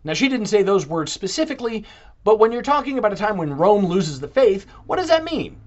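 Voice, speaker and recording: A man talking in a casual podcast monologue, animated and putting on mock voices when he quotes others. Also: high-pitched, brisk, lo-fi sound. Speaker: Catholic podcaster.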